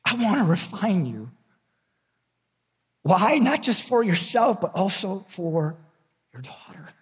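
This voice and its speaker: A middle-aged male pastor preaches in a high, husky voice. He talks candidly and conversationally, restarting and repeating words as he goes. His voice rings with the long reverb of a large hall. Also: very animated, slow. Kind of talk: sermon.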